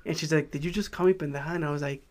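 High, fast-talking man telling stories. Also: fairly even intonation, crowd noise. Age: older than co-hosts. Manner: storytelling, swearing, laughing often. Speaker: podcast co-host. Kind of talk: casual chat.

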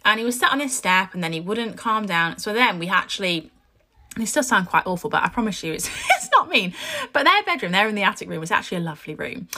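A British woman and podcast host chatting casually about her children, telling stories in a lively way with frequent asides. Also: mid-range voice, fast. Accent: British English. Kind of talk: casual chat.

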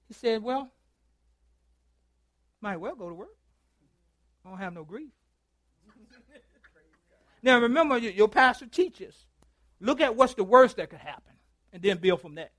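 A male pastor preaching a sermon, telling a story and acting out both sides of a phone call, calling for responses from his congregation and swinging from loud to hushed. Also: extremely high pitch, lively intonation, unhurried, long pauses, no room sound. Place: church.

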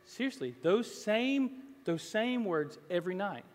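A man's voice: high voice, big pitch swings, measured pace. A man preaching a sermon as pastor, telling homely stories and rising into emphatic, pleading calls to his listeners. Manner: storytelling that swells into emphatic, rising exhortation. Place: church sanctuary. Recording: long reverb of a large hall.

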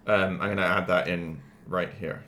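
A man co-hosting a casual movie podcast from home, relaxed and chatty, often correcting himself mid-sentence. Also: low-pitched, normal speed, a little hiss or hum. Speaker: podcast co-host.

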